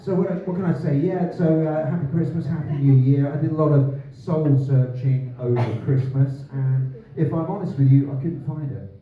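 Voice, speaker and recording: Guy doing stand-up, deadpan jokes, far from the mic, tinny and echoey, crowd noise. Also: fairly high pitch, normal speed, hardly any pauses. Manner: deadpan one-liners, chats with audience. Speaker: stand-up comedian. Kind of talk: live stand-up with crowd work. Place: comedy club, indoors. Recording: echoey venue from far off, phone-like band, crowd. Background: audience laughter.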